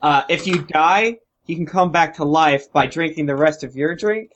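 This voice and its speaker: A man reading out stats and explaining the rules to friends during a tabletop card game, wry and halting. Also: a little high, fairly bright tone, muffled recording, a little hiss or hum. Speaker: player leading the game setup. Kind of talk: casual game-night explaining.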